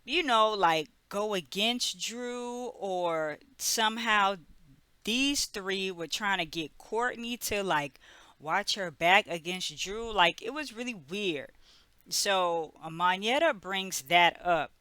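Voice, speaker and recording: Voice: medium pitch, slow pace, sharp tone, smooth, no echo. A host giving a casual, gossipy episode recap, full of "like" and "you know". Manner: chatty, filler-heavy storytelling with lots of "like" and "you know"; amused, gossipy asides.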